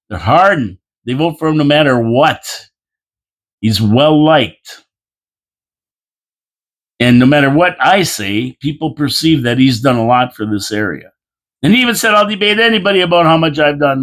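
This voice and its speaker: A man's voice: mid-range voice, expressive, normal speed, fairly bright tone. A man hosting a casual opinion monologue, rambling and repeating himself with folksy asides, sounding tired. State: tired, yawning. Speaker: local commentary host.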